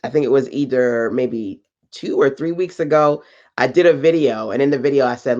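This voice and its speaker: A woman business coach on a live stream, talking slowly and emphatically in a preachy motivational style with slang asides and greetings to viewers. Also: very deep voice, warm tone, muffled recording. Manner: deliberately slow delivery.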